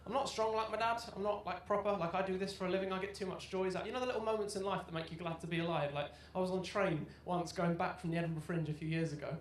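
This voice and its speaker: Young man, stand-up comedian, self-deprecating stories, loud shouted punchlines, echoey club room. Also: high-pitched, fairly even intonation, rapid-fire, hardly any pauses, a little hiss or hum. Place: comedy club stage with live audience. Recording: roomy live venue sound. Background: audience laughter.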